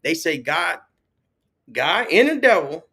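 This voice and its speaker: A man's voice: on the high side, sing-song, takes it slowly, creaky, bright, forceful tone, slightly rough. A man talking casually as a podcast guest, telling stories with plenty of slang and acting out the voices he quotes. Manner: storytelling, acts out quoted voices, loose slang. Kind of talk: casual conversation.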